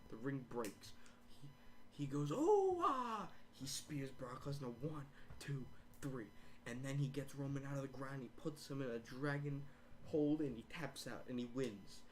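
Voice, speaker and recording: A man's voice: medium pitch, moderate pace, slight background noise. A young man casually joking, acting out wrestling matches and chanting, recorded in his bedroom. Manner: excitable, swearing, acts out wrestling with loud chanting. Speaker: host.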